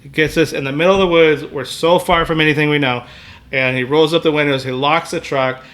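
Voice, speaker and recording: A man's voice: on the high side, fairly even intonation, fairly quick, fairly bright tone. A man who is a podcast guest, telling hunting stories in a rambling, casual way that is full of filler words. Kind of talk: casual storytelling.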